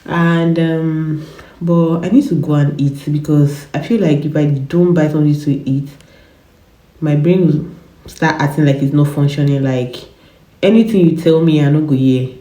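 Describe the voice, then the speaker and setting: A woman's voice: low voice, steady tone, moderate pace, dark tone, echoey room. Rambling woman vlogger with a cough. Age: 20s. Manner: chatty, rambling, repeats words, laughs often. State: has a cough. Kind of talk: casual chat to camera. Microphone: phone camera.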